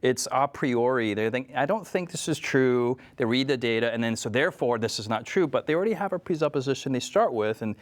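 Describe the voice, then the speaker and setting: Male editor co-host, reflective, halting delivery with plenty of fillers. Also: mid-range voice, lively intonation. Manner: thoughtful, halting with frequent fillers and restarts. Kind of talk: casual religious discussion.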